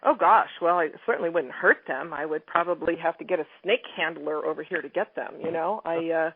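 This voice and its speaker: A woman's voice: sits low, a little fast, slightly rough, no room sound. A middle-aged woman, a guest author and comedian, talking animatedly and reading from her own book in a phone interview. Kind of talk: phone interview, casual chat. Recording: tinny phone line, dry.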